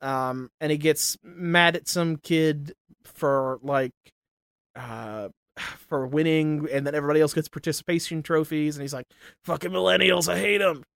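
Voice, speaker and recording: A man's voice: fairly high pitch, unhurried, clear, resonant tone, no room sound. Swearing young man ranting in dry sound. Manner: animated ranting, heavy swearing, laughs often. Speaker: podcast co-host. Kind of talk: casual profane chat.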